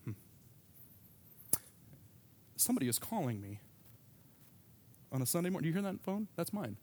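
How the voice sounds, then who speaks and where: A man's voice: a little high, big pitch swings, moderate pace, mellow. A pastor preaching a sermon to his congregation, telling a personal story in a conversational way with asides.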